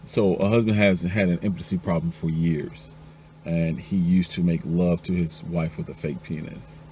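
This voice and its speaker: A man's voice: steady tone, moderate pace, background noise. A man telling a string of husband-and-wife jokes one after another and acting out each character's lines. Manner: acts out the jokes' characters, going up to a high pitch for the wives. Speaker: joke teller.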